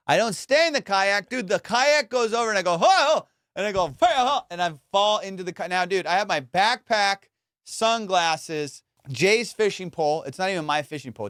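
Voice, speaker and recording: Young dude on a podcast telling a wild story, kinda high voice, smooth and clear, dry close mic. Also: male voice, no echo. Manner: animated, swears, says "dude" and "bro" a lot. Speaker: podcast host. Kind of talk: casual storytelling.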